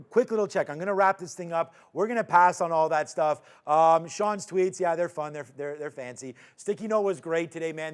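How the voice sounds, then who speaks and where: Upbeat male market show host. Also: a little high. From Canada. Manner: upbeat, joking, quick asides. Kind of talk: casual market recap chat.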